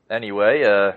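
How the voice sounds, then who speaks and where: A man hosts his own show in a loose, ranting monologue. His voice sits a little low. He swears freely and rambles, clearing his throat and leaning on fillers between points. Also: a bit bright. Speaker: podcast host.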